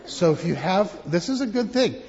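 A man giving a children's sermon as pastor, telling a story in an animated way and asking the children questions. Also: sits high, moderate pace, big-room sound, dull audio, crowd noise. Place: church.

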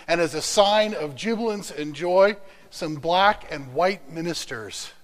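A man preaching a sermon through a story, rising loud and then dropping to a whisper. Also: fairly high pitch, low-quality recording. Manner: dramatic, swinging from loud to whispered.

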